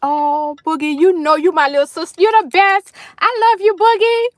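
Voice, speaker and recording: High-voiced woman chatting live from her car. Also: steady tone, normal speed, no room sound. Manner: effusive, chatty, greets viewers by name. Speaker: livestream host. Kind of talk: casual live chat with viewers. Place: parked car in a school carpool line.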